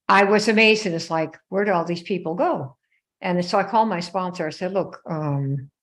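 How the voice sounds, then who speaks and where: A woman hosting a live show tells a story conversationally in a fairly low-pitched voice. She checks in with viewers by name and acts out quoted dialogue in her own voice.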